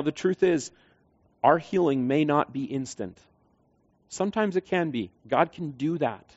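Male pastor, earnest and conversational sermon, mid-pitched, a touch lo-fi. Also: a little mellow. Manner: earnest, conversational, asks the congregation questions. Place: church. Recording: slightly dull, lo-fi sound.

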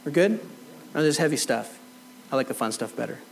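A man's voice: mid-range voice, animated, a little fast, vocal fry, slight background noise, low-quality recording. A middle-aged man preaching a sermon, telling a personal story and acting out both sides of the conversation. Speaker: pastor. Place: church hall.

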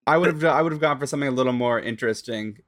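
A man with a mid-pitched voice in casual podcast chat. He is wry and quick to laugh, and his sentences come out with halting starts and restarts. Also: fairly bright tone. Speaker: podcast co-host.

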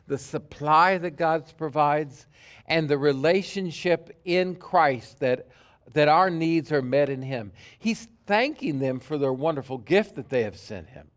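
Male pastor preaching an earnest sermon, unhurried, slightly high voice. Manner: emphatic preaching, slow and earnest.

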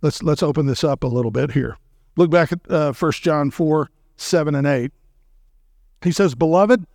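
In a dry, clean studio recording, a male guest speaker preaches emphatically, often checking in with the congregation. He slows down to recite hymn and scripture lines, his voice fairly high in pitch with a darkish tone.

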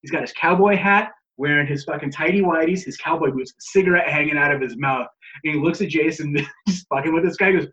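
A man's voice: a little high, fairly quick, sharp tone, dull audio. Profane, laughing man telling wrestling stories. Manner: profane, laughing, acts out others' lines. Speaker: guest, pro wrestler. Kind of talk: casual storytelling.

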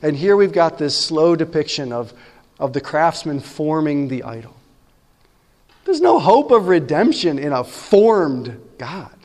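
A man's voice: a little high, big pitch swings, measured pace, darkish tone, long reverb tail. A man preaching a sermon as pastor, talking conversationally and often asking his listeners "right?".

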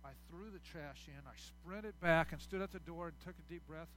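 A pastor delivering a sermon to his church, swinging between loud preaching and soft, quiet asides. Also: a little high, moderate pace, soft background music.

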